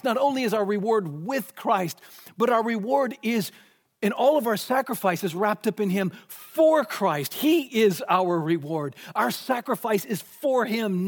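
A man delivers a sermon in a fairly high voice. He is earnest and deliberate, slowing down and stretching key phrases to press them home. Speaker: preacher.

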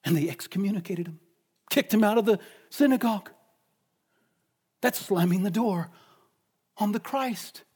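A man preaching a sermon emphatically, asking rhetorical questions and slowing down to stress key points. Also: high-pitched, a little mellow, slightly rough.

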